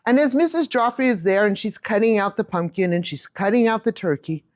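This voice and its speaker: A woman in her fifties giving a keynote talk on stage, telling a childhood story to a live audience with an animated manner and a handheld mic. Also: medium pitch, a little fast. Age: 50s. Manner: animated storyteller, acts out quotes. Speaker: keynote speaker.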